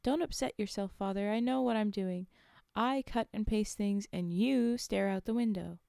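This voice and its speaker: Woman voicing a snotty teen girl, calm, dreamy, dismissive, dry close sound. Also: mid-range voice, moderate pace, gravelly, clean tone, dry recording, close to an everyday voice.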